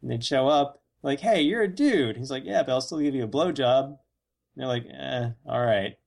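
A man co-hosting a casual comedic chat, cracking deadpan jokes and acting out mock quotes. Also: medium pitch, normal speed, gravelly.

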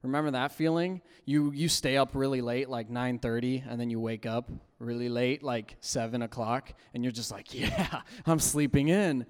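A young man telling a funny personal story to a live audience, animated, often jumping into high squeaky voices to act out his younger self. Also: moderate pace, few pauses, clear, resonant tone. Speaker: storyteller speaking to a youth audience. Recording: long hall reverb.

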